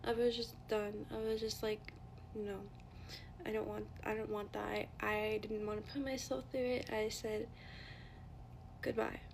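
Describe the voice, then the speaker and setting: A woman's voice: medium pitch, flat delivery, a little slow, a little hiss or hum. A young adult woman telling a rambling personal story in casual chat, with lots of fillers, swearing and dips into whispers.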